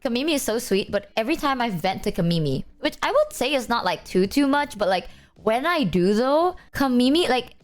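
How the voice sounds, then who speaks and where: A young woman streamer in casual chat, telling animated stories and acting out friends in exaggerated voices. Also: brisk, hardly any pauses. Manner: animated storyteller, acts out friends in high voices. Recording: faint music underneath.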